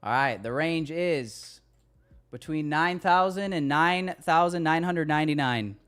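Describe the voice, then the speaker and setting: A man's voice: fairly high pitch, unhurried, fairly bright tone, clear, resonant tone, soft background music. A man hosting a live trading stream, chatting casually with viewers, loose and hyped, swearing now and then.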